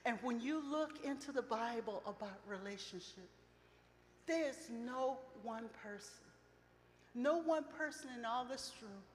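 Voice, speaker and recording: A middle-aged woman preaching at a women's retreat, telling personal stories with passion, swinging between loud outcries and soft reflective lines. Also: medium pitch, slight background noise. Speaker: retreat speaker. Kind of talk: emotional sermon with personal storytelling. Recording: long reverb of a large hall.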